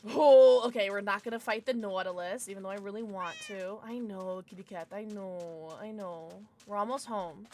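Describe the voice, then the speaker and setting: A woman's voice: medium pitch, normal speed, hardly any pauses, a little mellow. A young woman streaming a video game, chatting casually and breaking into squealing baby talk with her pets. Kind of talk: casual gameplay livestream chat.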